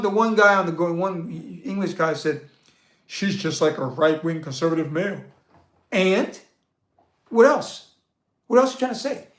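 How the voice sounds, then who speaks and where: A man hosting a casual monologue, answering viewer questions in a blunt, profane, rambling and animated rant. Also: very high voice. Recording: roomy echo.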